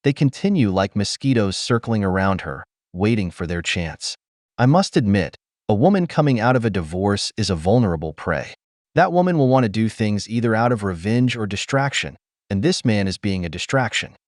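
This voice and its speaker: A man's voice: lowish voice, very animated, normal speed, no echo, clean studio sound. A man giving blunt, lecturing opinion commentary as a voice-over, talking straight to his viewers. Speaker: commentary channel host.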